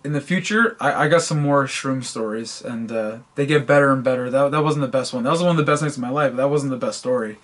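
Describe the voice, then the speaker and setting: Guy on a podcast rambling thru a story, keeps repeating words, average pitch. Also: quick pace, hardly any pauses, a bit bright. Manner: stammers and repeats words while telling stories. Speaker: podcast co-host. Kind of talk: casual storytelling chat.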